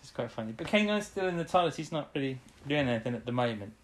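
A woman's voice: extremely low pitch, big pitch swings, fast, slight background noise. A woman co-hosting a podcast, casually recapping an episode, rambling and laughing often. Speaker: podcast co-host.

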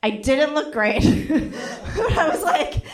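A young woman with a high, bright-sounding voice tells a comic story on stage, full of "like" and acted-out quotes. The sound carries a noticeable echo from the venue around her. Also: slow pace. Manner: animated, acts out quotes with voices, frequent "like". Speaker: stand-up comedian. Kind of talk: stand-up storytelling.

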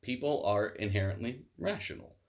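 A man's voice: medium pitch, lively intonation, moderate pace, vocal fry. A young man co-hosting a casual podcast, rambling and joking with lots of fillers. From Southern California. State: out of breath. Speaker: podcast co-host. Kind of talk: casual podcast chat and self-read ad.

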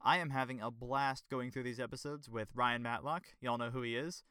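A man's voice: medium pitch, steady tone, brisk, bright, forceful tone, clear, resonant tone, no room sound, studio quality. A man co-hosting a podcast, chatting in an upbeat, enthusiastic way and laughing easily. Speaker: podcast co-host. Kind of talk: casual podcast review chat.

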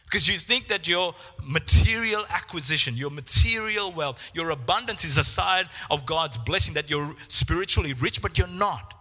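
Guy preaching a sermon, really bright sharp voice, big echoey hall, acts out quotes. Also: on the high side, normal speed, few pauses. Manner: animated, repeats words, acts out quoted voices.

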